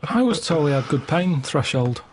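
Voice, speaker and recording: A man telling rambling, deadpan anecdotes in casual chat on a radio show, at a studio microphone. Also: fairly high pitch, moderate pace, slight background noise.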